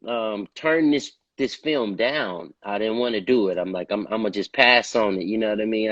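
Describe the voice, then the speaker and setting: A man's voice: on the low side, no room sound, lo-fi sound. A male singer telling stories in a casual interview, laid-back and profane, often repeating filler phrases. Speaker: guest, R&B singer.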